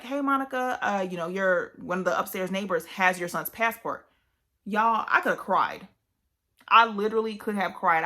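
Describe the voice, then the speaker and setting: Young woman, vlogger, bright voice, chatty storytime, lots of fillers. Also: fairly low pitch. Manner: animated, chatty, many fillers. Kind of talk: casual storytime chat.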